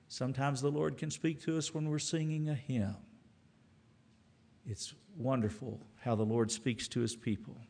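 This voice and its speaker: A man preaching a sermon, swinging from loud emphasis to hushed tones and repeating words when stirred. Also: medium pitch, gravelly.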